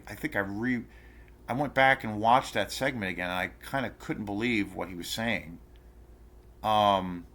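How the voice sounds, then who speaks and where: A man vents to camera on his channel in a lowish, bright, forceful voice. His outraged tale rambles and swears, riddled with filler words and restarts.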